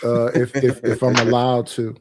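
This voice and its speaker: A man's voice: mid-range voice, monotone, moderate pace, darkish tone. A man in a casual group chat, joking and talking over others, repeating his words. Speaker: chat guest.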